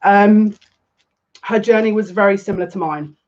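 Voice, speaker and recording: A woman's voice: mid-range voice, normal speed, darkish tone, dull audio. Chatty, dramatic woman tarot reader. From half Turkish. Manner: chatty, dramatic and self-mocking. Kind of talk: casual live-stream reading.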